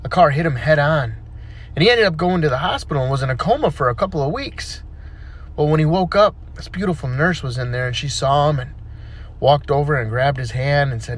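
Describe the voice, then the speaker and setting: A man's voice: on the high side, brisk. A man telling dirty jokes in a casual, folksy storytelling way. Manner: folksy storyteller, plays each character with a raised voice. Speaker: joke teller.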